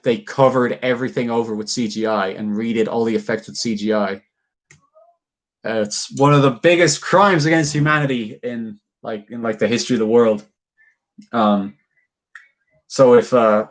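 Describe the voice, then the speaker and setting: A man chatting casually with live viewers while he carves, rambling, swearing freely, and laughing often. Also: mid-range voice. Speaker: livestreamer.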